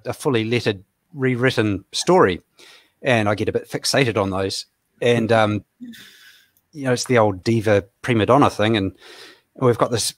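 Halting New Zealand man on a call. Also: medium pitch, a bit bright, dry recording, clean studio sound. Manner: self-deprecating, halting with many fillers. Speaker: comic artist guest. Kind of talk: casual chat over a video call.

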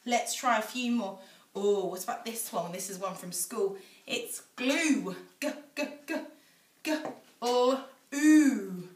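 A woman's voice: a little high, slow. A young woman teaching phonics to small children, sounding out letters in a sing-song voice at home. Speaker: infant school teacher. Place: home, echoey room. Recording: echoey room, voice a little far off.

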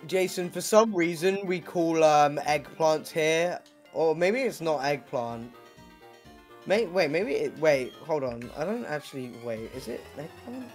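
British man, blunt, teasing, higher voice, faint music. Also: lively intonation, measured pace. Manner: blunt, teasing, swears freely. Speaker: friend on voice chat. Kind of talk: casual chat.

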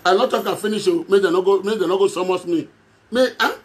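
A man with a Nigerian Pidgin accent from Edo State speaks straight to his followers in a high voice. He rambles and repeats phrases, often chuckling between lines. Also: fast. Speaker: self-styled prophet addressing followers. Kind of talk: direct-to-camera monologue.

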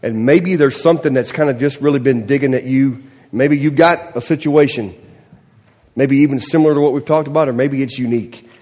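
A middle-aged man, a pastor, telling a story in a sermon with animated delivery, acting out voices, then easing into a soft, quiet prayer. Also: mid-range voice, brisk. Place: church sanctuary. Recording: long church reverb.

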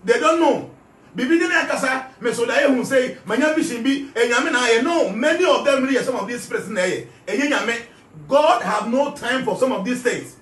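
A man's voice: very high-pitched, brisk, a bit bright, echoey room, recorded from a distance. A man with a Ghanaian accent giving an emphatic spiritual talk, repeating his key phrases. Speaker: spiritual teacher.

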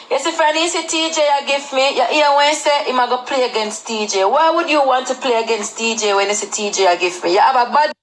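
A fairly high-pitched woman with a Jamaican accent, rambling in loose, repetitive livestream chat full of Patois. A faint hiss of background noise sits under her voice. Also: fairly bright tone.

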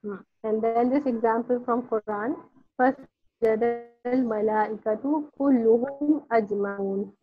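A woman teaching an online Arabic grammar class, explaining patiently with many pauses. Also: fairly high pitch, soft background music. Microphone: video call. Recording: dull lo-fi online call audio.

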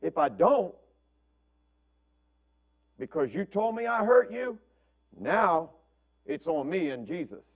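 A man's voice: sits high, big pitch swings, takes it slowly, long pauses, narrow, tinny audio. A man preaching a conversational sermon as pastor, repeating words and checking in with "right?". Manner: asks "right?" constantly, repeats words, acts out family quotes.

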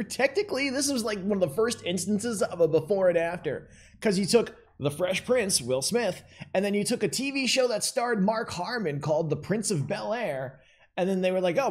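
A man hosting a live-streamed trivia game show, chatty and upbeat, talking straight to the players in the chat. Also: sits high.

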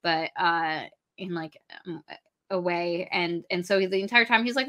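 Woman podcaster gushing over a book plot, bright voice, does the characters' lines, swears a bit. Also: on the low side, normal speed. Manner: animated retelling, acts out characters' lines; swears freely. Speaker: podcast co-host. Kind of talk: casual book review chat.

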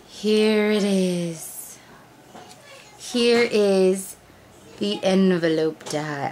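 A woman's voice: mid-range voice, a little hiss or hum. Gushing young woman unboxing. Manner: gushing and excitable, gasps and repeats "oh my gosh". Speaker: crafting vlogger. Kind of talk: casual unboxing chat to camera.

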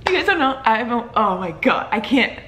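Excited young woman vlogging, slightly high. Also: normal speed. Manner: excited and emotional, many fillers like "like" and "oh my God". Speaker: vlogger, medical student. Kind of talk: casual vlog to camera.

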